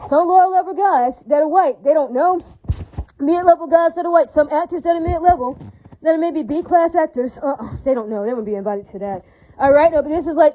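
Woman ranting, very high pitched with a soft, dark timbre, profane and repetitive, full of rhetorical tags. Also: rough recording. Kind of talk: ranting monologue.

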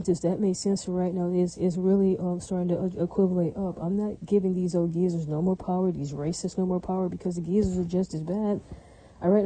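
A woman rants her way through a loose solo monologue, circling back and checking again and again that her point lands. Her voice is deep in tone and mellow, with a husky, breathy grain. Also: poor audio. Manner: ranting, repetitive, asks "does that make sense?". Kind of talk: rambling monologue.

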